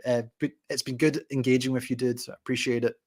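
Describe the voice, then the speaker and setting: A man hosting a boxing channel, answering viewer comments on a live stream in a relaxed, chatty way with plenty of fillers. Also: medium pitch, fast.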